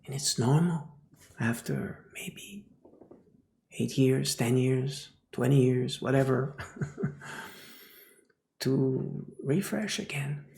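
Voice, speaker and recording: A man giving a spiritual teaching talk, speaking slowly and often dropping into a whisper. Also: mid-range voice, gravelly, a little mellow, echoey room. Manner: slow, often drops into a whisper.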